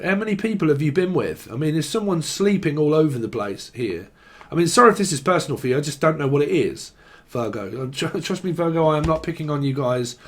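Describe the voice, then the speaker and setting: A man giving a casual, rambling tarot reading, full of slang and swearing. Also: fairly high pitch. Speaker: tarot reader.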